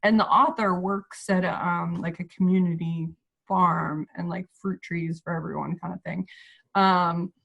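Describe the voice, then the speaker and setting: A woman's voice: on the low side, fairly even intonation, a little slow, gravelly, a bit bright, muffled recording. A woman guest on a casual book chat, talking in a rambling, heartfelt way with many restarts. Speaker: podcast guest.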